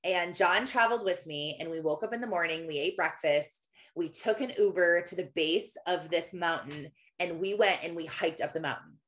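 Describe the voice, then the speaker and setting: A woman's voice: fairly low pitch, normal speed, hardly any pauses, a bit bright. A woman in her thirties giving a personal faith talk, telling stories in a chatty way with many fillers. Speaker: Christian speaker.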